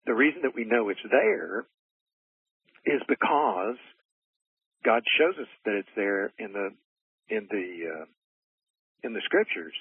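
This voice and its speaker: A man's voice: lowish voice, lively intonation, measured pace, pauses often, husky, dry recording. A man earnestly teaching in conversation, retelling stories with little voiced quotes and frequent restarts. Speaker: guest. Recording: muffled phone-line sound.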